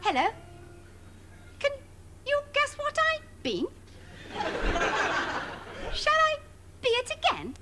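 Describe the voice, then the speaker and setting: An actress playing a sing-song, condescending children's TV presenter with barbed asides. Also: female voice, extremely high pitch, very animated, slow, pauses often, over music, heavily acted. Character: sugary sarcastic woman kids' TV presenter.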